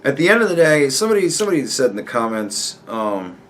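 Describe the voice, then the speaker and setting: A podcast host delivering a profane, sarcastic rant in an exasperated tone. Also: male voice, medium pitch, big pitch swings, fast talker. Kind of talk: ranting commentary.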